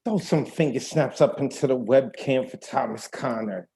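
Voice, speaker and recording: A man hosting an online open mic over a video call, chatting in an energetic, slangy way. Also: mid-range voice, normal speed, gravelly. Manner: energetic, slangy, talks to the audience directly. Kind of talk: casual hosting banter.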